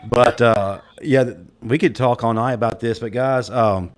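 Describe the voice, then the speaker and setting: A man's voice: mid-range voice, moderate pace. Laid-back man hosting a chat show. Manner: relaxed, lots of fillers and laughs. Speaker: podcast host. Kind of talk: casual panel chat.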